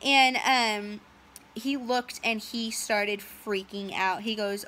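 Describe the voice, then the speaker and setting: A woman's voice: medium pitch, steady tone, takes it slowly, sharp tone, slight background noise. A young woman telling a long personal story in a casual, rambling way, full of "um"s and quoted dialogue. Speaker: storyteller recounting a personal medical ordeal.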